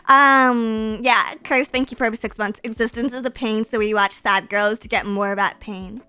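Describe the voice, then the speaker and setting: A woman streamer chatting casually and reading out viewer donations, giggly and excitable, with teasing, playfully sarcastic banter and sudden shrieking laughs. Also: a little high, moderate pace, hardly any pauses, smooth. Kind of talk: casual live-stream chat.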